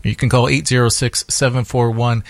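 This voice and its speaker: A man's voice: medium pitch, flat delivery, moderate pace, creaky, no echo. A man hosting a classical radio morning show in a studio, making upbeat, persuasive fund drive appeals. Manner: upbeat and persuasive, repeating the phone number. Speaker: radio host. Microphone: studio microphone.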